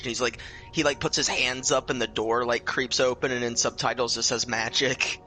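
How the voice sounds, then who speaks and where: A man's voice: medium pitch, flat delivery, fairly quick, sharp tone, soft background music. A young man co-hosting a casual gaming stream, rambling through retold sketches with stammers and fillers. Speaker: co-host. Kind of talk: casual gaming commentary chat.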